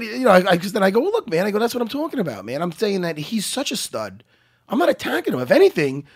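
New guy on a podcast, high lively voice, dry close mic, acts out everyone in his stories. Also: husky, no echo. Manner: animated storyteller, acts out voices. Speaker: podcast co-host. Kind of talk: casual chat.

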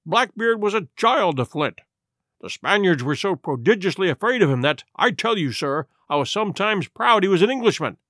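Hot-headed old squire, played by a male narrator: loud, exclamatory, lively pitch swings. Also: moderate pace, dry recording, clean studio sound, full character voice. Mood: indignant. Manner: exclamatory, blustering.

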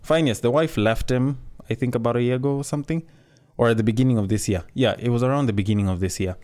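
A man's voice: mid-range voice, quick pace, darkish tone. A man giving casual, frank commentary, talking conversationally and swearing freely.

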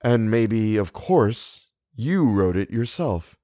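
Man doing a teasing, sharp-tongued young woman. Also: fairly low pitch, sing-song, slow, no room sound, studio quality. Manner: mocking, lightly sarcastic.

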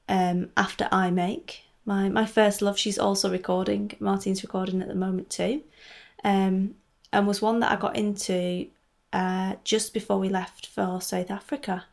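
Woman podcast host, gravelly low rasp, casual rambling chat, lots of asides. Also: darkish tone. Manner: chatty, rambling with frequent asides. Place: home in Scotland.

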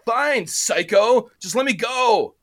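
A man doing a high drawling old stoner dealer. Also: steady tone, normal speed, bright, forceful tone, clean tone. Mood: panicked. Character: washed-out male stoner dealer in his sixties.

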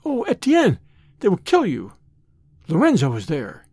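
A woman's voice: medium pitch, very animated, moderate pace, darkish tone, no echo, studio quality. A man voicing a devoted young Venetian noblewoman in an audiobook, speaking in a tender, urgent, pleading way. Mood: anguished. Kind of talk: audiobook character reading.

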